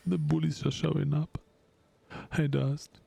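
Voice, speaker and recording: Slow, gravelly-voiced male streamer. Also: on the high side, level tone, mellow, dry recording. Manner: rambling, chatting with viewers. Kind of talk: casual live-stream commentary while gaming.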